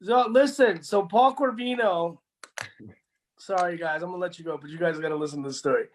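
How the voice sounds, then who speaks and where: A man hosting a podcast, telling a story in casual chat, animated and profane. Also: sits high, moderate pace, slight background noise. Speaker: podcast host.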